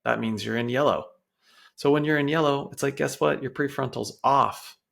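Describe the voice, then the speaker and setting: A man's voice: mid-range voice, normal speed, vocal fry, fairly bright tone. A man hosting a show, explaining child behavior in a casual, conversational way, often acting out quotes from parents and kids. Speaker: podcast host.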